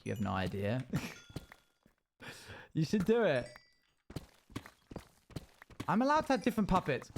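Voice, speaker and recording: A man's voice: on the low side, gravelly, a little hiss or hum. A young man streaming a game, chatting casually and playfully with his viewers and laughing often. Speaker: livestreamer. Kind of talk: casual gaming stream chat.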